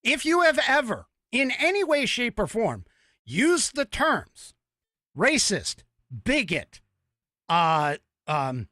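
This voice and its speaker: A man's voice: very high-pitched, wildly swooping pitch, takes it slowly, pushed and bright, dry recording, clean studio sound. A man hosting an opinion podcast, ranting angrily in a profane monologue. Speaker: podcast host.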